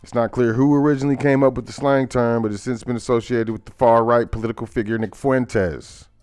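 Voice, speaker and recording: A man's voice: mid-range voice, steady tone, a little fast, a little mellow, smooth, no echo, faint music behind. A man hosting a casual current-events talk show, reading headlines aloud and breaking into laughter with loose asides. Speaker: host.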